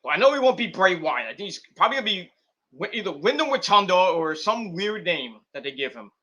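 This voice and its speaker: High, bright-voiced man rambling. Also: big pitch swings. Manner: rambling, acts out scenes with quick put-on voices. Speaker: wrestling stream host. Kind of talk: casual commentary.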